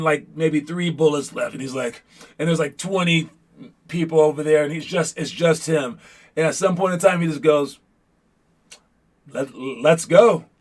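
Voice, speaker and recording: A young man coaching young basketball players in a casual pep talk, rambling with lots of fillers and getting animated as he retells scenes. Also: a little high.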